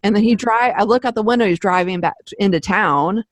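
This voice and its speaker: A young woman co-hosting a podcast from her home office, telling a story in casual chat, animated and swearing often as she acts out her own quotes. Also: mid-range voice, a little fast, dry recording. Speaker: podcast co-host. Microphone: podcast mic.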